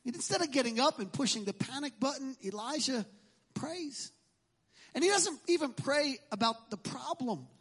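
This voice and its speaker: A middle-aged male pastor preaching a sermon in a church, speaking emphatically and sometimes shouting, and acting out the lines he quotes. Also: very high voice, lively intonation, normal speed, husky.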